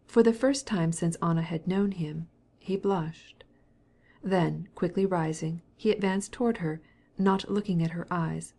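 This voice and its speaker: A woman narrating a classic novel as an audiobook, in a measured, soft-spoken reading. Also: on the low side, creaky, husky. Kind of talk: scripted narration.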